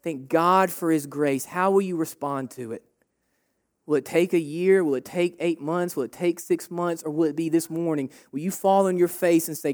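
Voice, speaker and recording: A man's voice: fairly high pitch, normal speed, darkish tone. A man of forty, a pastor, preaching a sermon with fervent, repeated short phrases. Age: 40s.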